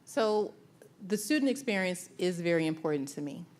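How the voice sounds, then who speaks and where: A woman school district leader answering questions at a community forum in a measured, explanatory way. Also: on the low side, expressive, darkish tone.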